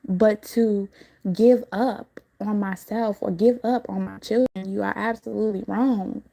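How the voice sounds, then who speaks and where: A woman speaks casually into her livestream, her voice gravelly with fry and softly mellow in tone. She rambles through her story, breaks into frequent laughs and swears without a second thought. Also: mid-range voice, flat delivery, normal speed. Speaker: livestream host recounting a dream.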